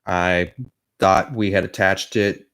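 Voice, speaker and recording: A man voicing an older male political operative who answers in a low, flat, assured way. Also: slow pace, clear, resonant tone, full character voice.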